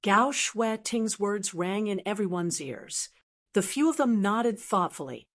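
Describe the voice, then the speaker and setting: A woman's voice: mid-range voice, lively intonation, a little slow. Woman reading an audiobook. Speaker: audiobook narrator. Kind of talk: scripted narration.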